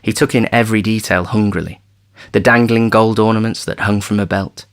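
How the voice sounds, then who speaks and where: A man reading a novel aloud as an audiobook narrator, measured and steady. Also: lowish voice. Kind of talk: scripted narration.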